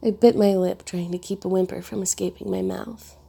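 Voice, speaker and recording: A woman reads a first-person story in a hushed, intimate delivery. Her voice has a heavy gravelly fry and a husky, breathy edge. The tone is dark and mellow. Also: mid-range voice, steady tone, fairly quick. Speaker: narrator.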